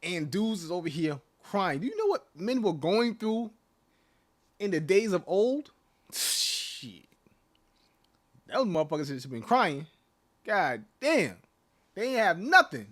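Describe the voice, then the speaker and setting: A man's voice: high voice, very animated, unhurried, pauses often, a bit bright. A young man hosting his channel, ranting to camera in a blunt, profane way and laughing between his points. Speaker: channel host. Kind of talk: casual rant to camera.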